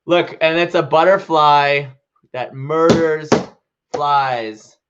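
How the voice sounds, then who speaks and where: A man's voice: a little high, takes it slowly, a bit bright, a little hiss or hum. A young man chatting playfully in a casual vlog and reading his own writing aloud. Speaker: vlogger. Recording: slightly dull lo-fi sound.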